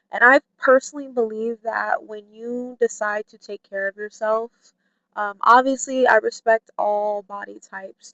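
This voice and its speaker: A woman vlogger talking candidly to camera in a chatty way, full of "like" and "you know", who mimics her friends in a high playful voice. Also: a bit bright, dry recording, lo-fi sound. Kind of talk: candid personal talk to camera.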